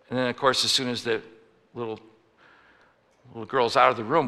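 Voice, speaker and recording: Gravelly, bright-voiced preacher in a reverberant hall. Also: male voice, medium pitch, little pitch movement, a little fast, pauses often. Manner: conversational, with frequent restarts and acted-out anecdotes. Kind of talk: sermon.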